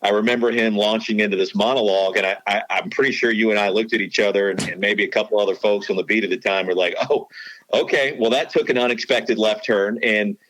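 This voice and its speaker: Low-voiced man telling a rambling story. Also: level tone, fast, hardly any pauses, fairly bright tone, a little hiss or hum, low-quality recording. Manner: rambling, many restarts and asides. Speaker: podcast guest, sports broadcaster. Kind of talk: casual storytelling chat.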